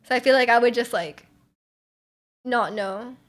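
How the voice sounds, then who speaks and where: A woman's voice: a little high, a little slow. Giggly young woman, rambling stream chat. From Canada. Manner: rambling, filler-heavy, giggly asides. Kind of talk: casual chat reading viewer messages.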